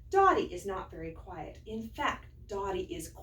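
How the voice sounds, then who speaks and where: A woman teacher reading a picture book aloud to young children in a slow, sing-song storytelling way, then showing how to write a letter. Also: mid-range voice, big pitch swings, a bit bright. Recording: roomy, mic at a distance.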